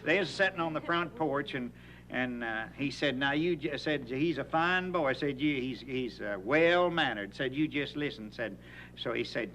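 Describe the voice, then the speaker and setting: A man's voice: mid-range voice, normal speed, pushed and bright, a little hiss or hum. A man telling a folksy tall tale in a rambling way, repeating "said" and laughing along with his own story. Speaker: comedian storyteller.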